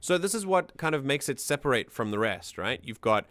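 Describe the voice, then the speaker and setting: A man's voice: medium pitch, sing-song, a little fast, fairly bright tone, dry recording. A man streaming casual music-analysis commentary, enthusiastic and rambling, often restarting his sentences.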